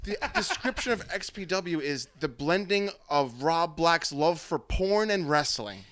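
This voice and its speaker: A man co-hosts a podcast in a studio, talking in an easygoing, slangy way. His voice is a bit high for a man, with a bright, sharp tone. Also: expressive, measured pace, no echo. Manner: laid-back, slangy. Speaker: podcast co-host. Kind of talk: casual podcast banter.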